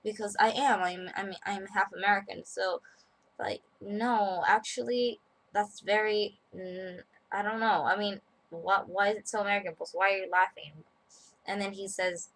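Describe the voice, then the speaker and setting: A woman's voice: medium pitch, steady tone, moderate pace, a bit bright. A young woman from Japan telling a story to camera, rambling with many fillers and restarts. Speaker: vlogger.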